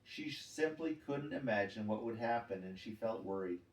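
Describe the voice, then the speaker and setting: A man reading a children's chapter book aloud in a gentle, measured storytelling manner. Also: fairly low pitch, lively intonation. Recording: roomy, distant mic.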